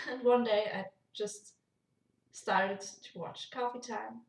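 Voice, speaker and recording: A young woman with a German accent rambles along in a casual vlog, breaking into frequent giggles. Her voice sits a little high and she talks slowly. She sits some way off the mic in an echoey room. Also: fairly even intonation, gravelly, distant mic. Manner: giggly and rambling, laughs often. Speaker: YouTuber.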